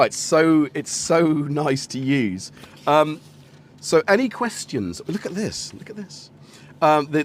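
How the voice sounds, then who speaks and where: A man hosting a relaxed live stream from a home studio, rambling and correcting himself as he demos gear. His voice rises and falls in lively swings, with a faint hiss underneath. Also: medium pitch. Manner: rambling, chatty, self-correcting, greets viewers. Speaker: host of a live synth stream. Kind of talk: casual live-stream chat and product demo.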